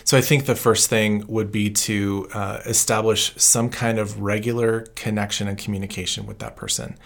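A man answering interview questions as a trauma counselor, in a calm, explanatory and reassuring tone. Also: on the low side, normal speed, creaky.

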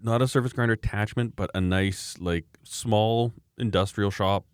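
A man with a very low voice chatting casually and rambling through a story, full of restarts and chuckles. The sound is dry and close, with no room around it. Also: steady tone, normal speed, smooth, dry recording. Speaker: podcast co-host. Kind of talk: casual chat.

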